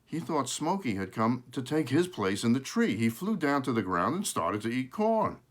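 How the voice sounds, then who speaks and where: A man reads a children's storybook aloud in an animated way, his voice swooping high and low as he tells it. He stops now and then for casual asides to show the pictures, and corrects his small slips as he goes. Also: moderate pace. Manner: shows pictures while reading.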